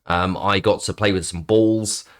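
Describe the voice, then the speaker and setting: A man's voice: low voice, fairly even intonation, a little slow, smooth. A man streaming live, chatting casually to viewers in a playful, sarcastic, rambling way with plenty of ums.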